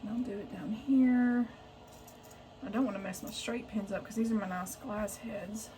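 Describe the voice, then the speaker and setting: A woman's voice: mid-range voice, fairly even intonation, moderate pace, warm tone, a little hiss or hum. A woman, chatting casually and thinking aloud to her viewers while she shows her sewing in a home sewing room. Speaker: sewing vlogger.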